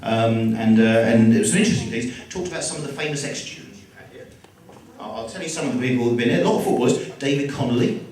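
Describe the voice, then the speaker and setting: A man's voice: mid-range voice, fast, darkish tone. An English man doing chatty, self-deprecating stand-up comedy to a live audience in a school hall, bantering with the crowd. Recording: echoey hall, mic from far off.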